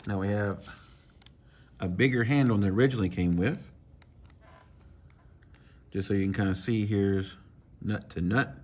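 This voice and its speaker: A man, casually talking viewers through swapping a reel handle, folksy and relaxed as he works. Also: lowish voice, moderate pace, pauses often. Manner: relaxed, talks to himself while working, folksy. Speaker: fishing channel host. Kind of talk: casual hands-on tutorial.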